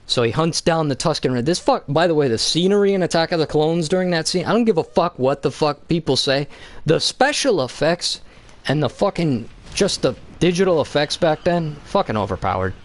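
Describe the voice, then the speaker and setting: A man streams a game from his home basement while ranting casually about a film, rambling excitedly and swearing a lot. His voice is on the high side and brisk, with no echo.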